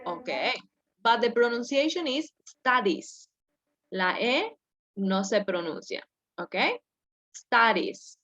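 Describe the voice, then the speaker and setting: A woman's voice: a little high, sing-song, unhurried, a bit bright, dull audio. A woman teaching an English class over a video call, patiently correcting her students step by step.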